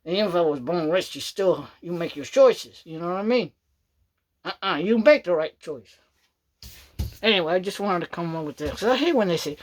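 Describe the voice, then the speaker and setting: Chatting casually in a meandering vlog, a woman keeps saying "you know what I mean" and breaks into frequent laughter. She speaks at a medium pitch, expressively, at normal speed.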